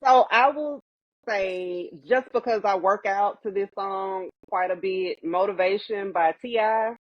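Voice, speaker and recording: A woman's voice: mid-range voice, unhurried, no echo. Earnest woman, dry and a bit dull. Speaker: guest. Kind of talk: casual chat.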